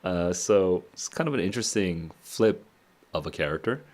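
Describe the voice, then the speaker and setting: A man streaming a casual read-aloud of a novel, thinking out loud between passages and chuckling often. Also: sits low, animated, moderate pace. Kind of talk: casual reading and reacting.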